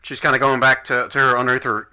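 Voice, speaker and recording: A chatty man narrating as game master in an online tabletop game, laughing often between scenes. His voice is bright and sharp at the top end, and the recording is dull and lo-fi. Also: medium pitch, little pitch movement, fast talker, smooth.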